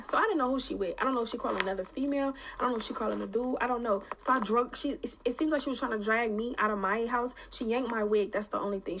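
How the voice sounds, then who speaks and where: High-voiced woman telling a fight story. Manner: animated, profane, blunt. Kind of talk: casual storytelling.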